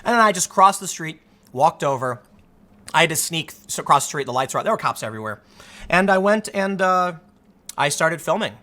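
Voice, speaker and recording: Male commentator, thirties, mocking and animated, slightly high and bright. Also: brisk. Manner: sarcastic, mocking, animated storytelling. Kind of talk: casual commentary.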